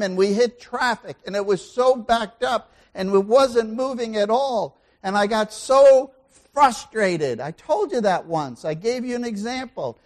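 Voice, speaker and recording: A man with a high voice delivers a sermon as pastor. He questions the congregation and alternates between loud exclamations and quiet asides.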